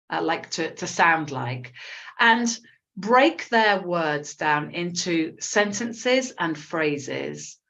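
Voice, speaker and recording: A woman's voice: on the low side, fairly bright tone, highs cut off. A woman with an English accent, teaching a live online English lesson in a chatty, encouraging way, with frequent ums and self-corrections. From England.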